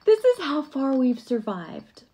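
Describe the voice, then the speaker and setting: A woman's voice: high-pitched, big pitch swings, unhurried, dark tone. A middle-aged woman, chatting casually and laughing at herself as she crafts at her table at home. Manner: chatty, self-mocking, exclaims often. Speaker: craft vlogger. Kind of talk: casual live craft chat.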